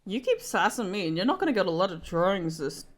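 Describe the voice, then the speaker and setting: A woman's voice: lowish voice, big pitch swings, quick pace. A woman co-hosting a podcast, bantering in a teasing, profane, bubbly way. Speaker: podcast co-host. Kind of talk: casual banter.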